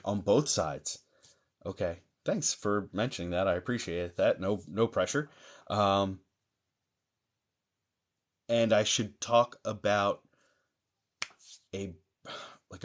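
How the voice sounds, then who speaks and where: A man hosting a live-stream mediumship session, greeting viewers by name and reading chat aloud in a chatty manner with many fillers. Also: on the low side.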